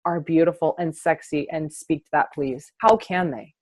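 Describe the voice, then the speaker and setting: A woman hosting a casual conversation, expressive and animated, acting out her own past thoughts with laughter. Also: sits low, moderate pace, no room sound. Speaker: host, naturopath.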